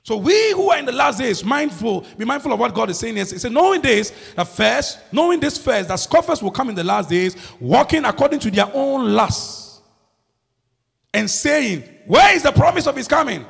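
A man preaching a sermon as pastor, swinging between loud shouts and low murmurs. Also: big pitch swings, moderate pace, gravelly, slightly rough. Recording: long hall reverb.

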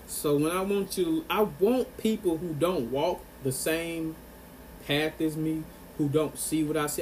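Male vlogger, slightly raised pitch, impassioned and emphatic, repeats lines for weight, faint background hum. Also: fairly even intonation, measured pace, darkish tone. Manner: earnest and emphatic, repeats phrases for stress. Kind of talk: impassioned monologue to camera.

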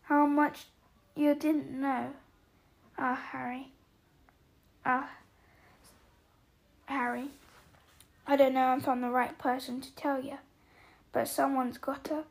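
A woman voicing a gruff giant man who is kindly but quick-tempered, with booming outbursts and folksy slang, in an audiobook reading. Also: level tone, exaggerated voice. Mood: worried.

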